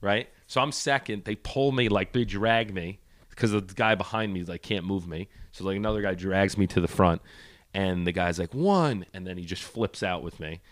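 A man's voice: low-pitched, steady tone, normal speed, dry recording. A man co-hosting a podcast, animatedly telling a story and acting out the people in it. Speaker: podcast co-host. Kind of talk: casual chat.

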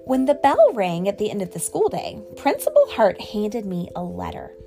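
A woman reading a children's picture book aloud to a child in an expressive, sing-song storytelling way. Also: medium pitch, normal speed, soft background music. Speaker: reader.

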